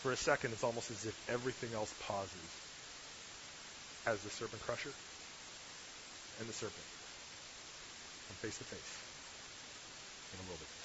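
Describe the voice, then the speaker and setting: A man preaching a sermon as pastor, retelling a story in a lively way and asking the listeners questions. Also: fairly low pitch, normal speed, pauses often. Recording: slightly dull recording with faint hiss.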